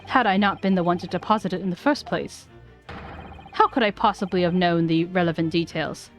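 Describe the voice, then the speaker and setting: A woman voicing a haughty male gentleman suspect, reading game dialogue in an indignant, stiff and formal way. Faint music plays behind her. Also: lowish voice, a little fast, close to an everyday voice.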